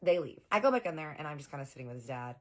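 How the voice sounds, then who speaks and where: Animated woman telling a story. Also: low-pitched, racing. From Southern US. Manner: animated, chatty, full of "like" fillers. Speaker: storytime vlogger. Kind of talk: casual storytelling.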